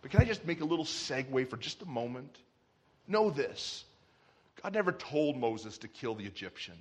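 A man preaching a sermon, telling a nursery rhyme as an animated story with shouted character voices. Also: mid-range voice, moderate pace, slightly rough. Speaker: pastor.

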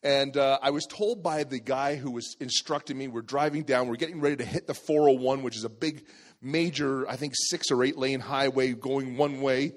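A middle-aged man telling a lively personal story as a pastor in a sermon. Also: mid-range voice, moderate pace. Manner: lively, animated storytelling with acted voices.

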